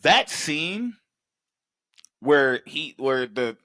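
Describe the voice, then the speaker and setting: A man co-hosting a podcast, chatting casually about a movie, swearing freely and acting out scenes in quick put-on voices. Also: a little high, no echo. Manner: profane, animated, acts out scenes in quick voices. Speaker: podcast co-host. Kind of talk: casual movie review chat.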